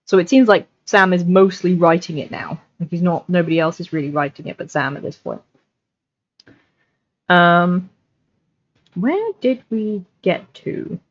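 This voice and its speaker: A woman's voice: on the low side, unhurried, long pauses. A woman reading a novel aloud on a livestream, chatty and scattered, with asides, over a desk mic. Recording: lo-fi livestream audio.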